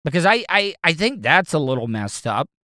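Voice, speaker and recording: Guy rambling on in a casual talk, bright crisp voice, dry close sound. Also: a little high, sing-song, normal speed, dry recording. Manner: rambling, repeats words, restarts often.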